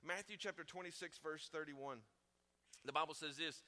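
A man preaching a sermon in a church, talking to the congregation in a conversational way that swings from loud emphasis to hushed tones. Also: on the high side, normal speed. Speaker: pastor.

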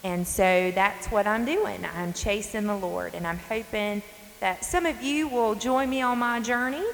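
She talks a little slowly at a medium pitch, a North Carolina woman in her forties with a Southern accent. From her front porch she hosts a faith podcast, earnest, folksy and emphatic. Long reverb and faint hiss color the recording.

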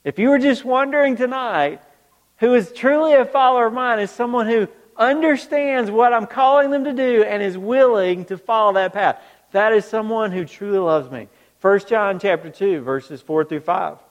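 A man's voice: high-pitched, moderate pace, muffled recording. A man preaching a sermon in a large church hall, throwing rhetorical questions back at the congregation. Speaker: pastor. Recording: long reverb of a large hall.

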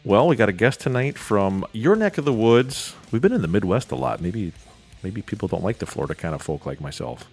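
Deep-voiced teasing male podcast host. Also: animated, darkish tone, slightly rough, faint music behind. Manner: teasing, blunt, quick banter. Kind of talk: casual chat.

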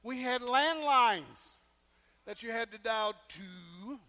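Brief: male pastor, high-pitched, animated storyteller preaching a sermon. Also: slow pace. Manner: animated storyteller, acting out quoted lines with big swings in loudness.

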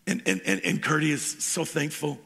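A man's voice: a little high, lively intonation, moderate pace, vocal fry, bright, forceful tone, slightly rough. A pastor preaching a sermon in an informal storytelling way, often stumbling and repeating words as he starts a thought.

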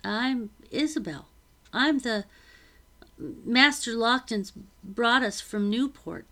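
A woman reading aloud, voicing a wary, polite young girl who speaks softly and carefully. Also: fairly high pitch, takes it slowly, exaggerated voice.

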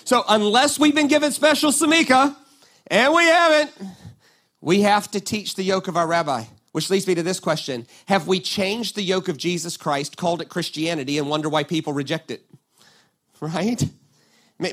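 A pastor preaches a sermon, telling a Bible story with lively acted-out quotes and frequent "right?" asides to the congregation. His voice is high-pitched and he speaks at normal speed.

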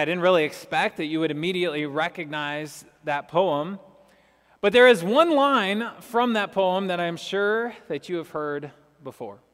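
Male preacher, high voice, long hall reverb, casual and questioning. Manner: chatty, asks listeners questions. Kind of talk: conversational sermon.

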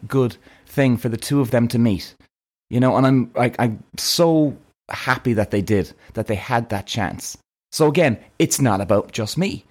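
A young adult man talking to his viewers in a casual vlog, animated and swearing freely. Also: mid-range voice. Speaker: vlogger.

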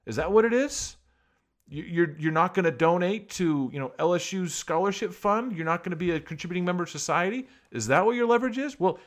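A man rants about sports in a casual monologue, piling up sarcastic rhetorical questions. His pitch swings widely as he argues, jumping up for the jabs and dropping low for the asides. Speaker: sports commentator.

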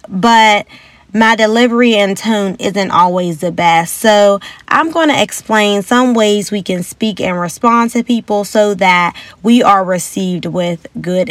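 A young woman hosts a motivational podcast in a chatty, upbeat and casual manner, sometimes acting out quotes in a higher voice. The recording carries no room sound.

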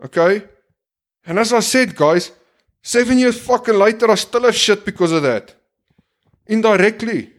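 A man's voice: high-pitched, lively intonation, normal speed, pauses often. Blunt, profane man ranting. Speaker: podcast host. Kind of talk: impassioned monologue.

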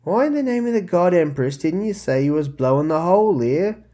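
A man's voice: mid-range voice, normal speed, a little mellow, voice pushed up, natural voice. A man voicing the brash youngest girl of a gang, mouthy and sarcastic with crude slang.

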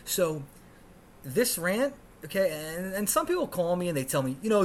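A man's voice: high-pitched, sing-song, moderate pace, slight background noise. A man in his thirties from the United States, hosting his podcast alone in a profane, sarcastic rant. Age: 30s. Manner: ranting, sarcastic and profane, swinging between mutters and outbursts. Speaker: podcast host.

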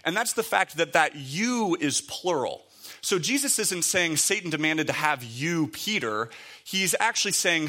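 A preacher with a fairly high, pushed, bright voice delivers a conversational sermon. He reads scripture aloud and explains it, using lots of fillers and restarts.

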